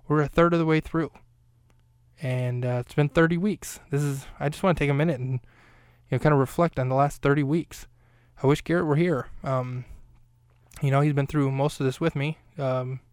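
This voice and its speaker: A man's voice: mid-range voice, clear, resonant tone, no echo, clean studio sound. A man hosting his own podcast, recapping an episode on his own in a casual, rambling way with self-deprecating jokes and asides. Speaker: podcast host.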